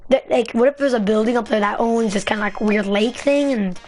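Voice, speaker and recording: A woman vlogger telling a story in a rambling, excitable way, full of fillers. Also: fairly high pitch, brisk. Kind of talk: casual storytelling vlog.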